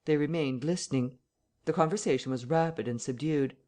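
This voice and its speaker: A man reading a classic novel aloud as audiobook narration, measured and steady. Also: on the high side.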